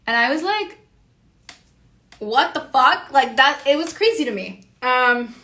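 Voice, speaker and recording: A woman with a slightly higher-than-average voice, talking off the cuff in a loose, rambling monologue. She swears freely and fills her sentences with "like" as she chats about her work as an online creator. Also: animated, normal speed, sharp tone. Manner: rambling and profane, heavy use of "like". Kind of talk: casual monologue.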